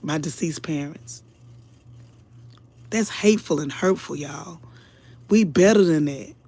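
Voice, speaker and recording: A woman's low, slightly mellow voice comes through a dry recording. She's an online commentator speaking casually to her viewers, earnest and emotional, somewhat preachy, and repeatedly calling them y'all.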